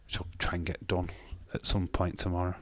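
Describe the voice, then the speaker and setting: Low-voiced man chatting on stream. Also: completely flat delivery, fairly quick, fairly bright tone, dry recording. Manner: chatty, reacting to chat comments with banter and mild swearing. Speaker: streamer reading chat. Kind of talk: casual live-stream chat.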